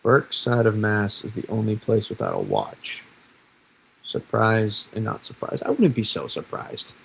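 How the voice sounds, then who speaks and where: This Massachusetts weather streamer, an amateur, wanders casually through forecast models live, poking fun at himself and frequently starting over. He speaks unhurriedly in a fairly low, creaky voice whose pitch swoops wildly. The audio is poor, with a bit of hiss or hum.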